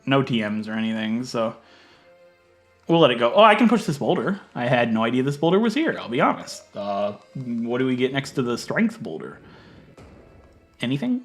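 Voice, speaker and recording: A man giving casual gameplay commentary, chatty and thinking aloud, swinging from low muttering to loud mock outrage. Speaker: let's play gaming creator.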